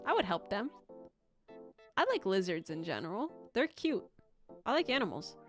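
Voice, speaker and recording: A woman's voice: medium pitch, sing-song, moderate pace, faint music behind. A young woman streaming from home, chatting casually with viewers in a rambling, giggly way, with bursts of squealing baby talk.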